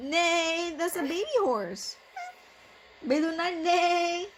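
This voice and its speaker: High-voiced, slow, coaxing Vietnamese mother. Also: lively intonation, background noise. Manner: coaxing, playful, laughing often, mixing two languages. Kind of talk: home video, bedtime play with a toddler.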